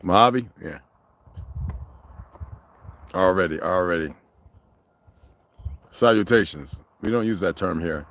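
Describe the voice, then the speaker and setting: A man's voice: low-pitched, slow pace, long pauses. A man hosting a livestream, ranting with constant cursing and greeting viewers in the chat. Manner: confrontational, cursing, animated. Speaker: livestream host.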